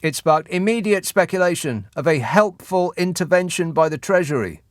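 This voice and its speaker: In a radio studio, a man hosts a phone-in show, reading the news with sardonic, mocking asides as satirical commentary. His voice is a little high and animated at a moderate pace, captured in studio quality on a studio microphone with no room sound.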